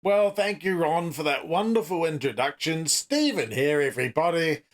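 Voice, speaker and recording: A man playing a clueless, broke crypto founder who rambles evasively in a deadpan way. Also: on the high side, moderate pace, close to an everyday voice.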